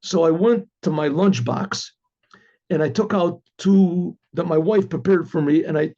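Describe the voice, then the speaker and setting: A rabbi telling a story, animated and full of quoted voices, who often clears his throat and restarts his words. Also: a little high, unhurried. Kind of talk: storytelling talk. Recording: dull lo-fi recording.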